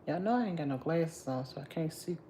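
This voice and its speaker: Tired woman greeting her stream, lively pitch. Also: a little hiss or hum. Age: has a grown daughter. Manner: sings out greetings, drawn-out and playful. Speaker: livestream host. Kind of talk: casual livestream chat greeting viewers.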